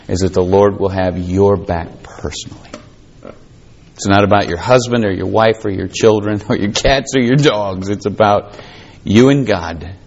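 A man's voice: fairly low pitch, darkish tone, lo-fi sound. A man preaching a sermon in a folksy, conversational way that builds to fervent emphasis. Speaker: pastor.

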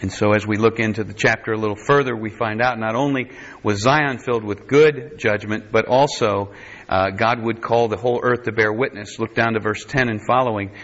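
Male preacher, mid-pitched, animated storytelling delivery with folksy asides, slightly dull lo-fi recording. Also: brisk. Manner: animated, acts out quotes in higher voice, folksy asides. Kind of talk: sermon.

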